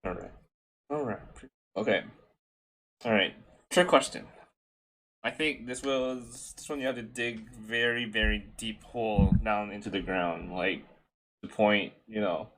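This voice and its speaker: A man's voice: fairly low pitch, steady tone, unhurried, long pauses, a bit bright. A laid-back man hosting a casual group podcast, putting questions to his guests. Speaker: podcast host.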